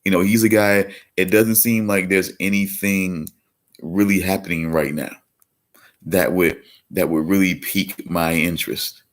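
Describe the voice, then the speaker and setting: Low-voiced guy chatting on his stream, rambly, keeps restarting and saying certainly. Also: fairly even intonation, unhurried. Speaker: livestream host. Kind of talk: casual livestream chat.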